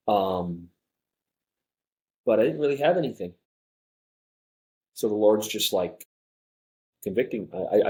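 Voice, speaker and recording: Young guy on a podcast, low husky voice, says "like" a lot, animated storytelling. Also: poor audio. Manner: animated, many fillers like "like". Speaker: podcast guest. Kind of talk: casual storytelling.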